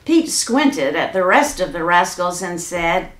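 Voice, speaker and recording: A woman reading a children's storybook aloud in an expressive, unhurried way. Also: fairly low pitch, reverberant.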